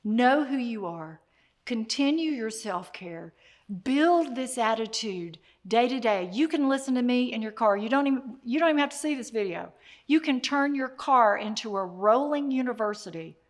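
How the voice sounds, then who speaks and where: A woman with a somewhat high voice delivers a motivational talk. She speaks in an animated way, straight to the listener. She circles back to repeat her key phrases for emphasis. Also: normal speed.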